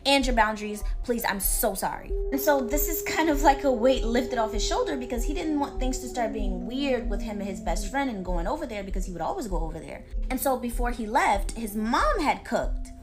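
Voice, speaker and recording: A woman's voice: a little high, expressive, a little fast, hardly any pauses, over music. A woman narrating a creepy folklore story in a chatty, dramatic storytime style.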